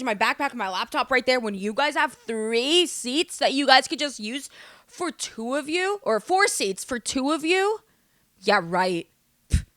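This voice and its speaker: A young woman from the United States tells stories on her podcast, animated and quick to swear. Her voice is bright and a touch high. The sound is close and dry. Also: no room sound. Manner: animated, swearing, exaggerated storytelling. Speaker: podcast host. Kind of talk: casual storytelling monologue.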